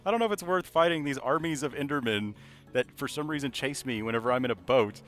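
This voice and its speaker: A man giving casual commentary over his gameplay, rambling and self-mocking, filling pauses with "you know". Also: mid-range voice, a bit bright. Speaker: gaming video creator.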